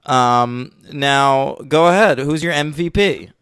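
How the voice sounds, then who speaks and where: A man's voice: mid-range voice, slow, a bit bright, clear, resonant tone, dry recording, clean studio sound. A man co-hosting a film podcast, chatting casually, laughing often and swearing freely. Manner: laughs often, loose and profane. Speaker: podcast co-host. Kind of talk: casual film review chat.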